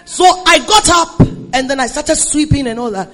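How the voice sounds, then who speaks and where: A Nigerian woman preaching a sermon, moving between hushed storytelling and shouted declarations and calling on the congregation to respond. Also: high-pitched, normal speed, poor audio. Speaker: preacher giving a testimony.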